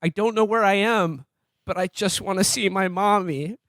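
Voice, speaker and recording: A man's voice: high voice, moderate pace, fairly bright tone, no echo, voice pushed up. A man mimicking a crying male politician who speaks in a tearful, pleading voice. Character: weepy male politician voicing a fetus.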